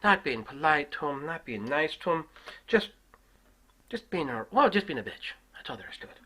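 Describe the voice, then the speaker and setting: Man, comic ranter, husky low voice, lively swinging delivery, heavy swearing. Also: moderate pace, poor audio. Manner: swearing heavily, swinging from shouts to hushed asides. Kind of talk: profane comic storytelling rant.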